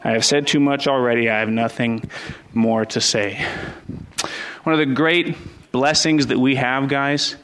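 A man's voice: mid-range voice, fairly even intonation, measured pace, long pauses, fairly bright tone, a little hiss or hum. A middle-aged man preaching a sermon as pastor, earnest and building to fervent emphasis, with frequent restarts.

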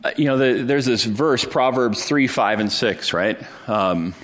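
Retelling a Bible story in his sermon, this pastor talks in a casual way, often restarting and using fillers. His voice is mid-range and his pace unhurried.

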